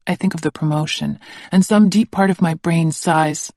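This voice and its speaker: Measured first-person audiobook narrator, mid-pitched voice, close and dry. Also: steady tone, darkish tone, dry recording.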